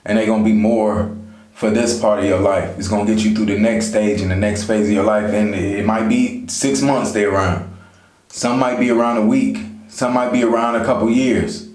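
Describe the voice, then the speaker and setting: A man with a fairly low, darkish voice and fairly even intonation talks at a normal speed in an echoey room. He vlogs life advice directly to his viewers in a casual motivational way, frequently saying "you know."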